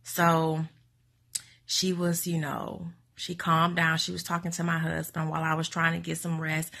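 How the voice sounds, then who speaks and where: A woman vlogger telling a personal story in a lively, dramatic way, acting out what people said. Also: deep voice, normal speed, vocal fry. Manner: animated, dramatic retelling with acted quotes.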